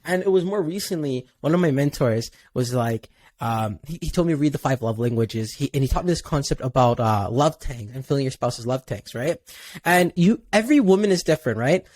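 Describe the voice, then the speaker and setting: A man's voice: medium pitch, expressive, brisk, darkish tone, dry recording. A man hosting a podcast, earnestly sharing personal advice with listeners. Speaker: podcast host. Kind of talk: casual podcast interview.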